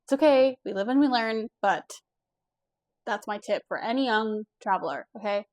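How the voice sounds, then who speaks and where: A young woman from the US East Coast telling a personal story in a casual vlog, candid and animated, swearing now and then. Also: on the high side, moderate pace. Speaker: vlogger.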